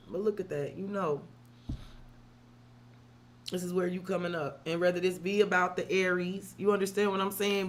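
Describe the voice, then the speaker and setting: A woman's voice: on the low side, slight background noise. A woman tarot reader on a live stream, talking openly and emotionally to her viewers and swearing freely. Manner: talks straight to viewers, calls them girl and sis.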